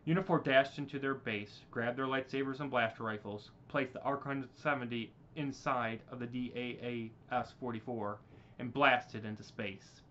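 A man's voice: mid-range voice, steady tone, normal speed, a bit bright, a little hiss or hum. A man narrating a homemade story, reading with stumbles and restarts on a dull lo-fi recording.

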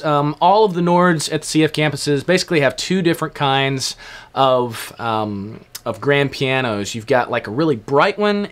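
A man casually walking through piano sounds on a stage keyboard, explaining in a relaxed way with fillers. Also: a little high. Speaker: keyboard instructor. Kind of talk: casual instructional walkthrough.

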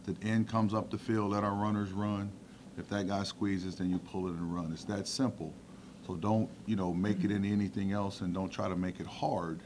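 A man's voice: lowish voice, normal speed, a little hiss or hum. A middle-aged man, a football coordinator, answering reporters plainly, with many fillers. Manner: relaxed, plainspoken, with frequent fillers. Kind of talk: press conference answers. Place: press conference room.

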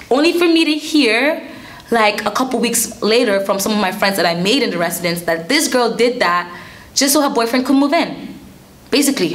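A young woman vlogger telling a story in an animated, indignant way, with casual slang. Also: medium pitch, a little hiss or hum. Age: young adult. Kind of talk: storytime vlog.

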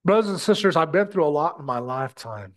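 Impassioned preacher man, lively pitch. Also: fast talker. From United States. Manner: impassioned, repeats words, addresses brothers and sisters. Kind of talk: sermon.

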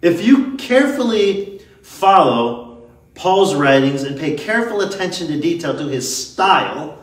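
A fairly high-voiced man preaching a sermon, leaning hard on key words and drawing them out for emphasis. He sounds set back from the mic in an echoey church room. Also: recorded from a distance. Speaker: pastor. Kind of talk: expository sermon.

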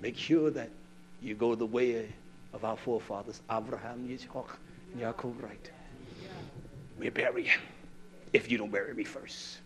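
An older man preaching a sermon, scolding and fiery, swinging from low mutters to loud outbursts. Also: normal speed, long pauses, slight background noise.

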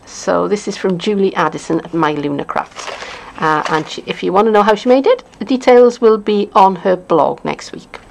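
Gravelly Welsh woman chatting about crafts. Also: medium pitch, normal speed, slight background noise, poor audio. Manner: chatty, rambling, with frequent fillers and chuckles. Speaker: craft demonstrator. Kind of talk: casual unboxing chat.

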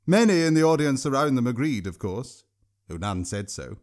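A man narrating his own audiobook story in a steady storytelling manner. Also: mid-range voice, moderate pace. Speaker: author and narrator.

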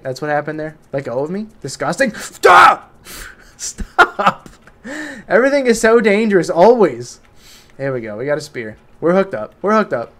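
A young man streaming a game live, commenting casually, reading chat and yelping when things go wrong. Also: on the high side. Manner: excitable, talks to the game creatures, yelps when startled.

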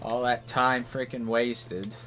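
A woman's voice: very deep voice, steady tone, slow pace, fairly bright tone, faint music behind. A woman giving live gameplay commentary, frustrated and exasperated, swearing at the game. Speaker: gamer doing live commentary.

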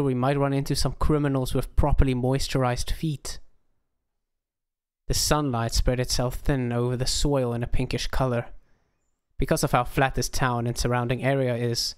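A man's voice: medium pitch, clean tone. A man narrating an audiobook in a dry, wry tone. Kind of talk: audiobook reading.

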